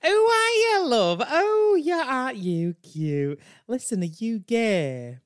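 A man's voice: big pitch swings, slow pace, no echo, clean studio sound, exaggerated voice. A man voicing a brash, tipsy middle-aged woman in a gay bar who gushes and pushes with a Yorkshire accent. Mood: gushing. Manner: gushing, pushy, shrill.

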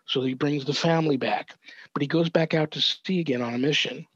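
An older man, a reverend, earnestly recounting a family story as a podcast guest, measured and thoughtful with small restarts. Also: fairly high pitch, fairly bright tone, no echo. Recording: dull, dry lo-fi audio.

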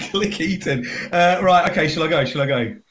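A man's voice: on the high side, fairly bright tone. A man co-hosting a podcast, telling long rambling dad jokes in a chatty, casual way and laughing along. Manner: chatty, rambling storyteller who laughs at his own jokes. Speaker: podcast co-host. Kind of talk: casual dad-joke swapping.

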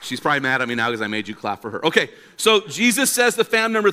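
An older man preaching a sermon in a church, telling stories and acting out quotes with lively energy. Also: mid-range voice, fast talker, clear, resonant tone. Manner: animated storytelling preacher, acts out quotes. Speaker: pastor.

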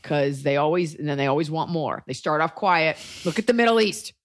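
A woman's voice: low voice, animated, brisk, no echo, clean studio sound. A woman in her thirties hosting a podcast in casual chat, blunt and sarcastic, joking and swearing freely. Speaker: podcast host.

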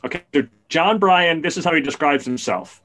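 Animated man telling a music story. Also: fairly high pitch, brisk. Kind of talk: casual chat.

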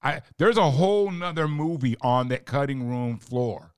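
A man hosting a casual interview, earnestly telling a story and repeating words when excited. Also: mid-range voice, normal speed, clear, resonant tone, no room sound, studio quality. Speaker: podcast host, film writer-director.

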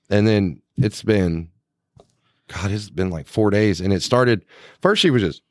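A man's voice: low-pitched, no room sound, studio quality. A man, co-hosting a podcast in casual, swearing storytelling chat. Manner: laid-back storytelling, swears freely. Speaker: podcast co-host.

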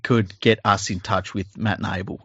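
A man's voice: on the low side, level tone, moderate pace, fairly bright tone, dry recording, dull audio. An Australian man co-hosting a podcast, chatting casually with plenty of laughing, joking and swearing. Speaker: podcast co-host. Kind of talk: casual banter.

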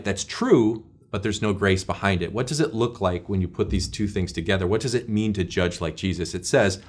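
A man's voice: on the low side, lively intonation, a little fast, hardly any pauses. A male pastor teaching a short devotional in an earnest, conversational way, with prayers.

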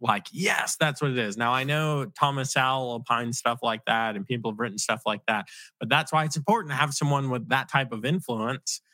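A man's voice: medium pitch, a little fast, sharp tone, no echo. A man hosting a podcast, joking around in loose casual banter with his co-host. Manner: joking, loose, swears freely.

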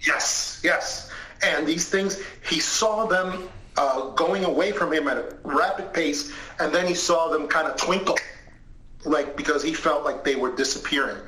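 A middle-aged man, a guest on an interview show, retelling an eerie account in an animated way and acting out what people said. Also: on the high side, a little slow. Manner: animated retelling with lively acted quotes. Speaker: guest, retired investigator. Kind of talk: storytelling in an interview. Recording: roomy echoing sound.

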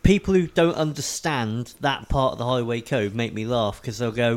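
A man who drives lorries, co-hosting a casual podcast and ranting bluntly about the highway code with plenty of swearing. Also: normal speed. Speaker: podcast co-host, lorry driver. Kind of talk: casual chat.

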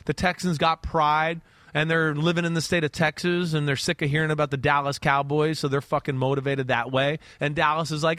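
A man's voice: on the high side, quick pace, a bit bright, no echo. A man giving casual football analysis in a loose, rambling way with restarts and the odd curse. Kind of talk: casual sports talk.

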